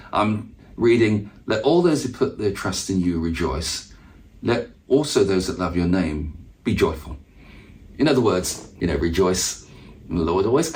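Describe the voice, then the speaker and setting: Male speaker, low pitch, devotional talk: reads scripture aloud, then thinks it through in a loose, reflective way with restarts. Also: slight background noise. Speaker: musician teaching on the Psalms.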